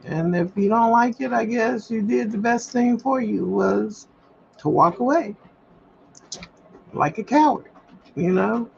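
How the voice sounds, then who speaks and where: A woman speaks slowly with a gravelly, creaky edge, venting candidly and circling back on her points. Her livestream audio is slightly dull, with a faint hum underneath. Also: on the high side, expressive. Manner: candid, rambling, emphatic repetition. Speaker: livestream host. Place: at home, printing paperwork.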